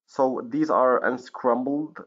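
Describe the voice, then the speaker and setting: A man from Morocco teaching an English grammar lesson, pausing often with fillers and correcting himself, in a dull lo-fi recording. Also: mid-range voice, fairly even intonation. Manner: hesitant, many fillers and self-corrections.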